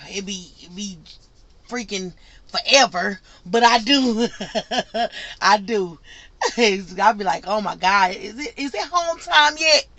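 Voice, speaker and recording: Bright, chatty woman telling her story. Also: a little high, no echo. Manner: chatty, repeats herself, acts out quotes. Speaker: truck driver vlogger answering questions. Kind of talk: casual Q&A vlog.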